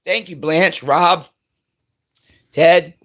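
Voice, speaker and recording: A man on a home livestream, venting in a fast, profane rant. His voice sits a little high for a man and climbs higher when he gets heated. He also drops into grumbling asides as he walks around the house. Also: steady tone. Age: adult parent. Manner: rising to loud agitation, then muttering lower while walking around. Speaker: livestream host. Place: at home, moving between rooms.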